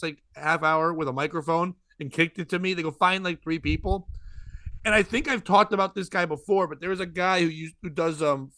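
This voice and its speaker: High bright-voiced man telling a story. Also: no echo. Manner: animated, acts out quoted voices. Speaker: podcast host and comedian. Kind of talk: storytelling chat.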